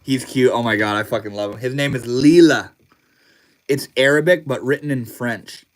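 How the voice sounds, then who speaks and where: Speaking at a moderate pace in a mid-range voice, a young man hosts a casual livestream. He keeps it loose, laughing a lot and leaning heavily on slang and swear words.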